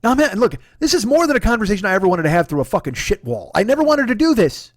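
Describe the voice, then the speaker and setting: A man hosting his own comedy show, telling a long story in a profane, animated, self-deprecating way. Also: high voice, fast, dry recording, clean studio sound. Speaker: comedian host. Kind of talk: comic storytelling monologue.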